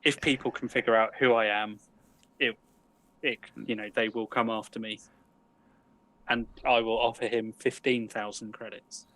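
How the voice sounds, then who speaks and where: A man's voice: lowish voice, little pitch movement, moderate pace, pauses often, sharp tone, rough recording. A man taking part as a player in a tabletop game, laid-back and chatty.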